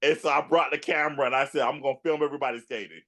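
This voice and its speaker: A podcast host reminisces during a casual interview chat, easygoing and rambling, full of fillers and restarts. His mid-range voice is steady and fairly bright, and he talks at a racing pace.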